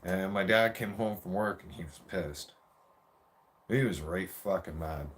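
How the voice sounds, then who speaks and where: A man's voice: low voice, measured pace. A man in his forties telling a rambling, profane childhood story in a casual rant.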